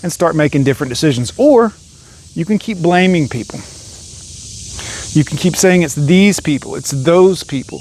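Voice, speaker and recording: A man with a fairly high voice launches into an angry monologue, swearing freely and hammering every point with emphasis. It sounds like a one-man rant recorded for his own channel. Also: expressive, normal speed, long pauses, darkish tone, a little hiss or hum. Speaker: vlogger. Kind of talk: ranting monologue.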